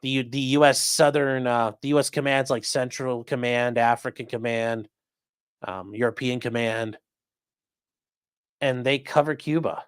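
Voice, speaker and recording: A man's voice: medium pitch, steady tone, measured pace, clean tone, dry recording, clean studio sound. A man hosting a casual commentary show who swears freely and acts out the quoted lines in changing voices. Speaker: host.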